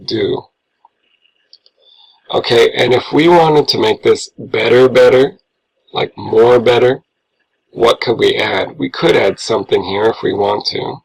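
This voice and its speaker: A man's voice: fairly low pitch, vocal fry, breathy edge, low-quality recording. A man teaching a grammar lesson, patiently walking through worksheet answers step by step as he marks corrections. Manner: patient, explains step by step, talks through his writing. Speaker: English teacher.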